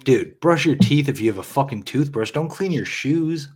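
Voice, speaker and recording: A man's voice: mid-range voice, animated, moderate pace, darkish tone, slightly rough. A man co-hosting a casual movie commentary, blunt and profane, laughing often. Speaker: podcast co-host.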